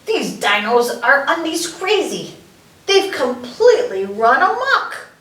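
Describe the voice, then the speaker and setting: A woman voicing a fretful caveman in a picture-book read-aloud, loud and excited. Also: high voice, takes it slowly, full character voice. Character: fretful caveman, worried about underpants. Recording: roomy echo, from far off.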